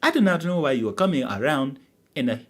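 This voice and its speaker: Mario, a man doing a loud high blustering plumber. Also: expressive, quick pace. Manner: rambling threats with stumbling restarts. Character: blustering male plumber hero scolding turtles.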